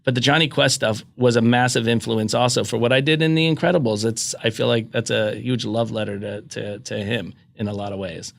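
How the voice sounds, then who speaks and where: A man's voice: mid-range voice, fairly even intonation, fairly quick, creaky, few pauses. A man talking as a guest on a podcast, enthusiastic and often restarting his sentences. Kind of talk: casual chat.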